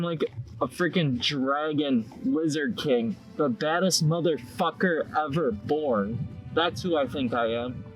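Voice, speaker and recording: A brash, profane lizard king who brags about himself, as a man voices him. The voice sits a little high for a man. Faint music plays underneath. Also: poor audio. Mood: boastful. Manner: boastful, profane, blunt. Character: brash caged male lizard king, cocky.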